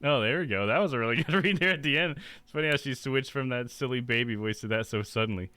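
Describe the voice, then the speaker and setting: Bright-voiced laughing streamer host. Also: male voice, medium pitch, fast talker, smooth, no room sound. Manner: laughing, enthusiastic, rambling. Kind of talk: casual live-stream chat.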